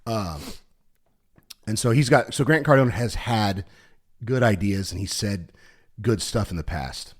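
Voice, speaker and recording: A man co-hosting a podcast in casual chat, rambling with many fillers and restarts, and getting animated as he retells a story. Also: lowish voice, breathy edge. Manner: animated when retelling stories. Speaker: podcast co-host.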